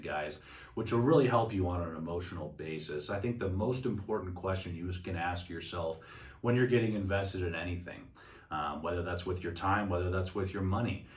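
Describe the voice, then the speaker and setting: A man with a very low voice speaks as a financial advisor, rambling through anecdotes in a relaxed, conversational way with plenty of restarts. He sounds set back from the microphone, and the room rings around him. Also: echoey room, far from the mic. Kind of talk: casual market commentary.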